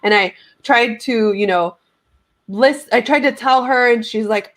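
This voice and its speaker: A woman's voice: medium pitch, fairly even intonation, moderate pace. A woman co-hosting a podcast in casual chat, rambling as she tells a story and acts out what others said. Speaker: podcast co-host.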